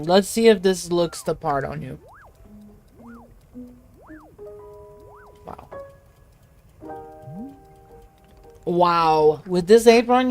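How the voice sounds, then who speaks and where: A gentle, slightly odd tea shop keeper speaks in a thick put-on accent, voiced by a woman. He phrases everything formally and a little brokenly, slow and earnest. Faint game music runs beneath the voice. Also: lowish voice, lightly acted. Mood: cheerful. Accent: put-on foreign accent.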